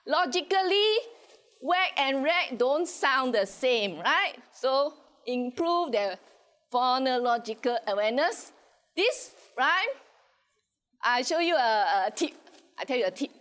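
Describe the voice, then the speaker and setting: A woman with a Singaporean English accent, an educator giving an animated conference workshop and often checking in with her audience. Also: sits high, a little slow, smooth. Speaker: early childhood educator presenting at a conference.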